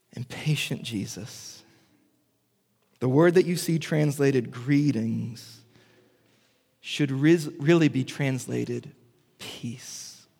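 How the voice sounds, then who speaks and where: A man preaching a sermon as pastor, moving between animated asides and hushed, slow emphasis. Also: medium pitch, creaky, long reverb tail.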